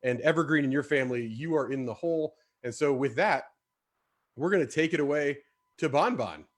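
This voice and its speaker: A man hosting a live online show, upbeat and jokey, bantering quickly with his co-host. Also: fairly high pitch.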